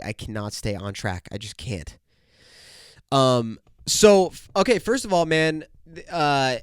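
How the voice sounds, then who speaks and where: A man's voice: mid-range voice, smooth, no room sound, studio quality. A young man hosting his own podcast, rambling casually, swearing often and saying dude and bro. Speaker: podcast host. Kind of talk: casual solo podcast talk.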